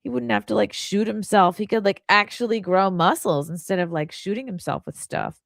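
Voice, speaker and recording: In a clean, echo-free studio recording, a livestream host speaks with a mid-range, creaky voice at a fairly quick pace. She rambles chattily, saying "like" constantly, offering earnest asides and reading viewer comments between her stories.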